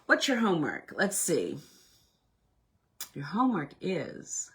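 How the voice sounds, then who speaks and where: A woman runs a self-help workshop, giving a casual motivational talk in a fairly low, husky voice. She's animated and takes it slowly, swinging from loud bursts to hushed, almost whispered lines.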